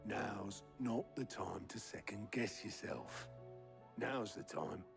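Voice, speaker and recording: A gravelly, low-voiced rebel ally, dry and wry in his banter. He speaks from game audio with music playing under him. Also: takes it slowly.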